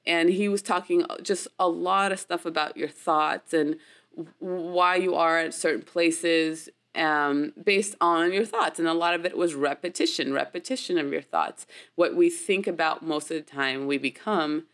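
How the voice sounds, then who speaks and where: Laughing, chatty American actress. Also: female voice, low-pitched, normal speed, fairly bright tone. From United States. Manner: chatty, laughs often, many fillers. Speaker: actress, interview guest. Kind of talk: casual interview storytelling.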